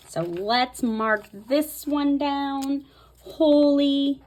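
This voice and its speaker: A woman's voice: high voice, steady tone, slow, darkish tone. A woman host talking casually through a Bible tabbing tutorial, thinking aloud as she marks pages. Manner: chatty, thinking aloud while marking her Bible. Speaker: Bible study video host.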